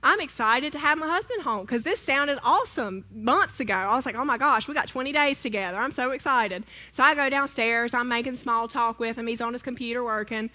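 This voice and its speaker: Standing before a church congregation in the sanctuary, a woman shares a funny personal story, chatty and poking fun at herself while putting questions to the audience. Her voice is fairly high, bright and forceful. She talks briskly with few pauses.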